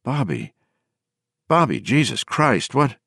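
A man's voice: mid-range voice, very animated, slow, vocal fry, fairly bright tone, dry recording, clean studio sound, pitched above the performer's own voice, full character voice. A man voicing a shaken, worried man who calls out urgently to an old friend, in an audiobook. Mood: anxious. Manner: urgent, alarmed. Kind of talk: audiobook character voice.

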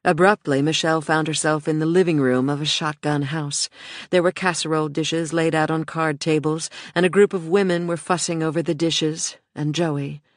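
A narrator reading an audiobook in a steady, measured way. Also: mid-range voice, no room sound, studio quality.

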